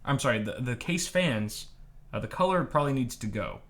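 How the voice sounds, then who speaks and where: A man's voice: mid-range voice, expressive, fairly quick, a bit bright. A young man with a mid-range voice co-hosting a live tech show. He talks in a loose, easygoing way and often stops to correct himself. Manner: loose, self-correcting, laughing. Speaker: co-host of a hardware show. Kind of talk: casual live-stream banter.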